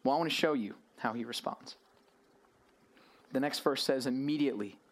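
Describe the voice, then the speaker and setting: A man preaching a sermon to a gathered room, with a mid-pitched voice. He talks to the listeners through rhetorical questions. His energy rises and falls, moving between near-hushed passages and raised, emphatic ones. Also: normal speed. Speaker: pastor. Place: church or youth gathering room.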